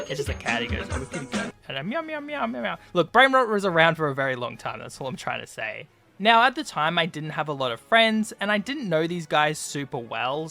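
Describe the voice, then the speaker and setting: A man's voice: on the high side, bright, forceful tone. A young man, a YouTuber, giving casual scripted narration over a video game, chatty and full of "like" and "you know".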